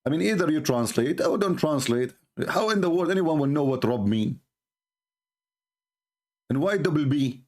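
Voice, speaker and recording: A man's voice: a little high, lively intonation, normal speed, long pauses, a little mellow. A man giving a sarcastic, mocking monologue as a religious debater, full of scornful rhetorical questions.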